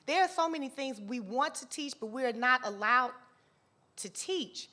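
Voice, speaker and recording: A woman with a bright, ringing, fairly high voice hosts a church women's conference. She talks in an upbeat, rallying way, leading the room in applause and handing the stage on. The recording was made in a church hall. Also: lively intonation, measured pace. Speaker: conference emcee. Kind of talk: church event hosting.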